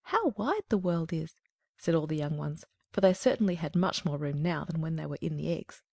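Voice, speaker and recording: A woman narrating a classic fairy tale in a calm, measured storybook reading. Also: low-pitched, creaky, no echo, studio quality.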